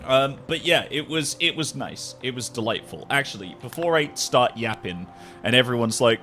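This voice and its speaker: Lively, bright-voiced man streaming to chat. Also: mid-range voice, brisk, faint music behind. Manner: animated, swears freely, laughs often. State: jet-lagged. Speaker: live streamer. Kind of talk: casual livestream chat with viewers.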